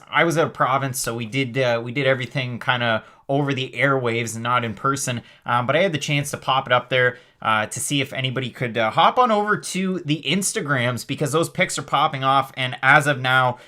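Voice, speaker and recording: Energetic man hosting a live stream. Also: medium pitch. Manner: energetic, rapid, chatty with many fillers. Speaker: host of a live MMA show. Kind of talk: live-stream commentary, chat reading.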